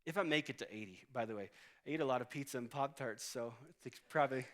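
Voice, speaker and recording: A man's voice: medium pitch, fast talker, fairly bright tone. A man in his late thirties delivers a sermon as pastor from a church stage. He talks in a conversational, storytelling way and works humor into it. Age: 30s.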